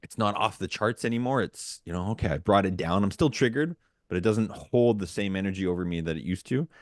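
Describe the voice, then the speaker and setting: A man's voice: fairly low pitch, lively intonation, a little fast, no echo, clean studio sound. A man co-hosting a podcast, talking earnestly in a casual, rambling way with many restarts. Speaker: podcast co-host.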